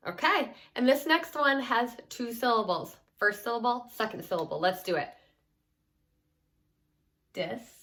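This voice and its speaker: A woman teaching a children's phonics lesson, sounding out words clearly and cheering the learner on. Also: a little high, normal speed, few pauses, pushed and bright.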